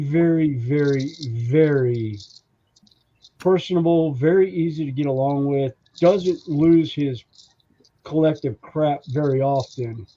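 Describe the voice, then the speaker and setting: A man telling stories in a casual podcast chat, animated and acting out the voices of the people in his stories. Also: on the high side, muffled recording, a little hiss or hum. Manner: animated storyteller who acts out quoted voices. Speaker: podcast co-host.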